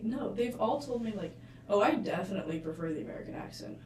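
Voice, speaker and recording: A woman's voice: mid-range voice, animated, fast, darkish tone. A chatty young woman with a French accent talks casually as a podcast guest, laughing often and leaning on fillers. Her voice sits in a middle range. The recording is roomy and distant, with faint noise behind her. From France. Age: young adult. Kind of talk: casual chat.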